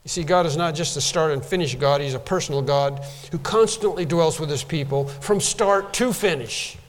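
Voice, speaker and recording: High-voiced preacher in an echoing hall. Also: male voice, normal speed. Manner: emphatic preaching, repeats phrases for stress. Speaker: pastor. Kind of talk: sermon. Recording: long reverb of a large hall.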